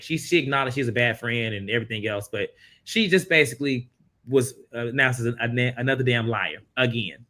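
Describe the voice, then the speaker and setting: A man with a bright, forceful voice recaps reality TV gossip for an online panel. He tells the story in a lively, disbelieving way, like he can't believe what he watched. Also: medium pitch, a little fast. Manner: animated, incredulous storytelling.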